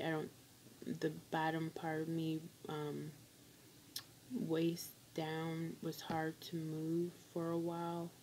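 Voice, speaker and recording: Woman vlogger, low flat voice, casual rambling delivery with fillers. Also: a little hiss or hum, low-quality recording. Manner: rambling, many fillers and restarts. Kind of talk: casual update vlog. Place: on a work break.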